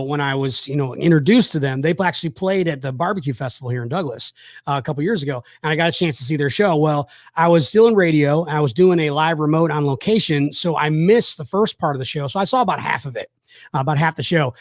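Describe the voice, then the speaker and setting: A man's voice: on the high side, no echo, studio quality. A man hosting a casual chat, telling rambling, enthusiastic stories with lots of fillers. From South Georgia, USA. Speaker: host.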